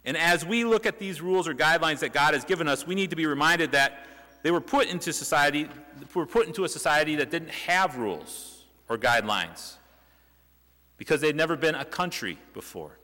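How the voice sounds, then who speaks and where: A man's voice: on the high side, expressive, a little fast, pushed and bright. A young man preaching a sermon in a church, talking in a conversational way with rhetorical questions and restarts. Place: church sanctuary. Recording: reverberant church hall.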